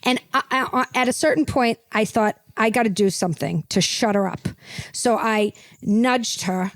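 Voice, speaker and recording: A woman's voice: fairly high pitch, moderate pace, no echo. Woman, podcast host, rambling gossipy comedy chat, dry close sound, keeps asking okay. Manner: rambling and gossipy, tacking "okay?" onto her points.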